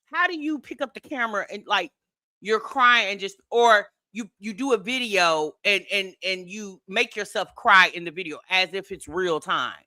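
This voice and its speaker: A woman's voice: medium pitch, no echo. A woman hosting a podcast, chatting in a sassy, casual commentary style. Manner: lively, sassy, laughing asides. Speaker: podcast host.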